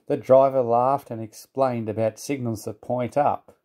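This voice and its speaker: Man, storyteller, children's book reading, calm, mellow warm tone. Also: medium pitch, unhurried.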